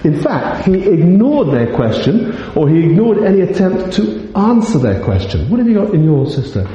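A man preaching in a church hall, his voice rising and falling through a lively, animated delivery. His tone is dark and mellow, and he teaches emphatically with rhetorical questions. The sound rings with strong echo and a long reverb tail. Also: high-pitched, moderate pace, dull audio, slight background noise. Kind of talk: expository sermon.

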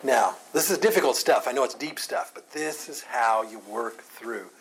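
A man's voice: medium pitch, normal speed, a bit bright, slightly rough. A man leading a Bible study, explaining Scripture in a conversational way and often asking rhetorical questions.

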